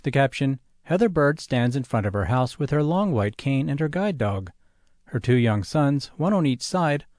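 A man narrates in a lively, animated voice that rises and falls freely. The recording is dry and close, with no room sound around him. He slows right down to spell out web addresses letter by letter. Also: medium pitch, no room sound. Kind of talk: scripted narration.

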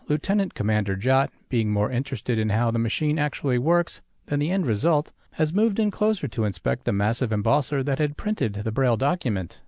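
A man narrates in a lively, animated voice that rises and falls freely. The recording is dry and close, with no room sound around him. He slows right down to spell out web addresses letter by letter. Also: medium pitch, no echo. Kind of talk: scripted narration.

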